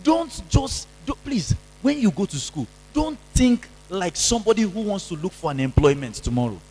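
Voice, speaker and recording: Preaching call-and-response to young people, this male pastor from Kenya urges the audience on and leads them in repeating after him. He sounds very animated yet keeps a moderate pace, his high voice a little mellow and slightly rough, with a large hall's long reverb around him.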